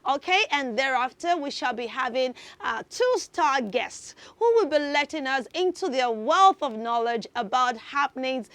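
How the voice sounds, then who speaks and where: A woman's voice: high voice, expressive, normal speed, hardly any pauses, fairly bright tone, no room sound. A woman hosting a children's TV lesson, upbeat and coaxing like a teacher. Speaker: children's TV host. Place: TV studio.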